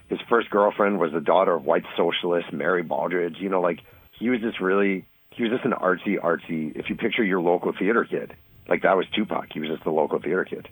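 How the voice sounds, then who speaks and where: A deep-voiced man from New York races through a story as an interview guest, slipping into the voices of the people he describes. His voice has a husky edge, and it comes across with a radio broadcast sound. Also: poor audio. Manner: fast, animated storytelling, acting out quoted voices. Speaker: author and guest.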